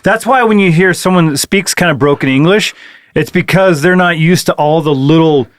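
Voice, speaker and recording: A man's voice: a little high, normal speed, no echo. A man co-hosting a casual comedy podcast, joking around and cursing in exasperation. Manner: jokey, exasperated, curses for emphasis. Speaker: podcast co-host.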